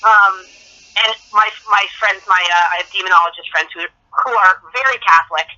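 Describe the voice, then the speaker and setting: Bright-voiced woman on a phone line. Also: medium pitch, normal speed. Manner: chatty, acts out quoted dialogue. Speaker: guest. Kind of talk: casual phone interview storytelling. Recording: dull phone-line audio.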